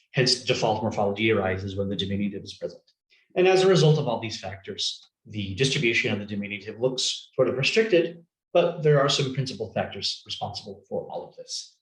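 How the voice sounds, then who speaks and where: A man's voice: lowish voice, roomy sound, poor audio. A man presenting a short recorded poster talk, explaining his points by listing example words one after another. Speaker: conference presenter.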